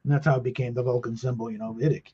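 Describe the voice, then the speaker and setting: A man in a casual stream chat, rambling and halting, with frequent murmured agreement. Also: mid-range voice, steady tone, dark tone, breathy edge, highs cut off. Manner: rambling, halting, lots of "mm-hmm".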